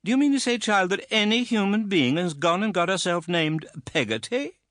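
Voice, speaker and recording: A brusque, imperious older aunt snaps out orders in a voice pitched far above a man's usual range, as a male narrator puts her on. Her speech is clipped and indignant, rising and falling sharply in an audiobook reading. The sound is close and dry. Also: expressive, moderate pace, a bit bright, dry recording.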